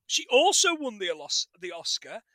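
High bright-voiced man. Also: moderate pace, dry recording. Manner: animated, jokey, swears freely. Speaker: podcast co-host. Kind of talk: casual film chat.

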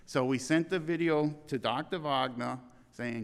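An older man giving a eulogy in a church, reading in an earnest, halting way with restarts. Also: mid-range voice, big-room sound.

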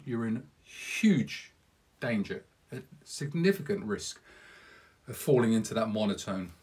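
A man's voice: fairly low pitch, darkish tone, breathy edge. A man giving an earnest, encouraging podcast lesson on public speaking as a coach, talking directly to the listener with self-deprecating asides.

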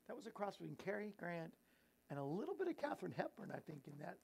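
A man's voice: sits high, sing-song, fast, gravelly, a little mellow, breathy edge. A man hosts a casual Christian talk show. He rambles, giggles at his own slips and pokes fun at himself. He shifts into earnest, preachy exhortation. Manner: rambling, giggly, self-mocking. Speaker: host and evangelist.

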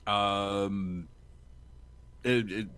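A man's voice: fairly low pitch, fairly even intonation, extremely slow, a bit bright, smooth. A man telling a story in casual chat, laughing often, swearing freely and acting out the lines.

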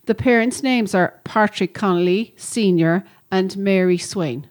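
A woman reading aloud a friendly letter from an Australian listener, in a plain, warm reading voice. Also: mid-range voice, a little slow, lightly acted.

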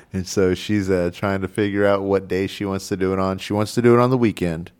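Deep voice, man, radio host, casual chat, laughing, studio mic. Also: fairly even intonation, a little fast, a little mellow, clear, resonant tone. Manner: chatty, laughing, many fillers.

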